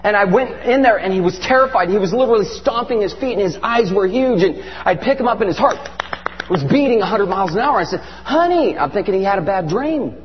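A middle-aged man with a rather high voice preaches a sermon, telling stories in an animated, emphatic way. The recording is dull and lo-fi, with a long hall reverb and a faint hum underneath. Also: fast.

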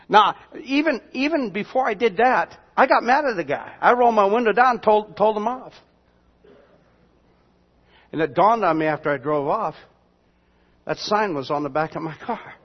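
Here the same kind of folksy storytelling sermon comes from a male pastor whose high voice has lively intonation, a moderate pace, and long pauses. He shares everyday stories and speaks aside to his congregation, captured in muffled lo-fi audio with lengthy hall reverb.

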